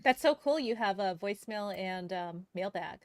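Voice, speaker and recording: A woman on a podcast panel, chatting casually in a soft, hesitant way. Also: medium pitch, expressive, normal speed. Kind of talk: casual chat.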